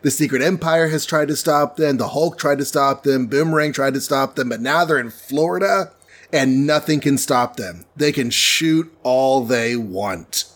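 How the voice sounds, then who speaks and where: A man in casual podcast chat, retelling a comic story with playful energy. His voice sits at a middle pitch, and he slips into quick put-on voices for the characters. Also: a bit bright. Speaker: podcast co-host recapping comics.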